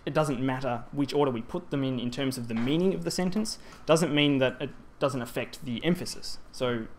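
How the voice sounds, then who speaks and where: A man's voice: medium pitch, brisk. Guy explaining grammar at a conference talk, lots of ums, bit of faint hiss behind. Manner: explanatory, frequent ums and restarts. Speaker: Japanese language presenter. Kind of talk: conference presentation. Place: presentation hall.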